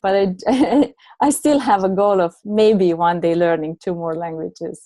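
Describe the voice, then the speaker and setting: A woman's voice: on the low side, steady tone, unhurried, dark tone, dry recording. A middle-aged woman, not a native English speaker, telling her story as a guest coach in a reflective way, with many fillers and restarts. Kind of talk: conversational storytelling.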